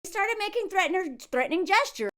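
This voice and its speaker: A high-pitched woman talks through a reaction commentary in a casual, animated way. She laughs often and slips into quick impressions of the people she is discussing. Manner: animated, frequent laughs, acts out quotes in character voices. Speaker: commentary video host.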